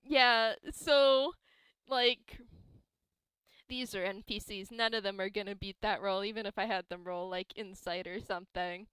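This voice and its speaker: Game master woman, bright clear voice, unhurried, casual filler-heavy narration. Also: medium pitch, fairly even intonation, dry recording, poor audio. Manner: casual, laughs often, many fillers.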